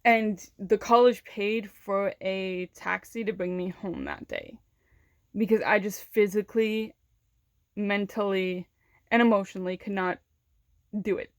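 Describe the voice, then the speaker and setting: A woman's voice: medium pitch, sing-song, measured pace, no echo, studio quality. A young woman vlogger candidly recounting a personal story in casual speech, with many fillers and restarts. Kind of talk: storytime vlog.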